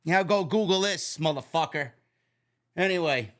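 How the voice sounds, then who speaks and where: A man with a New York accent, host of a wrestling review show, ranting in a loud, profane, mock-annoyed way and shouting at times. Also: on the high side, normal speed. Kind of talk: profane comedic rant.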